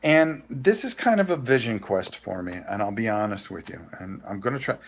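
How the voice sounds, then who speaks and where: A man's voice: lowish voice, moderate pace, slight background noise. Big-voiced man rambling through a story. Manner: rambling, animated storytelling with restarts. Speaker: host. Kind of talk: casual live vlog storytelling.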